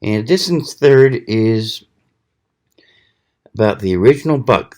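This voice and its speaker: A man hosting his own channel, talking casually in a slow, rambling way with many pauses and fillers. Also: lowish voice, lively intonation, a little mellow. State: hiccuping. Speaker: channel host. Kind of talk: casual knife review vlog.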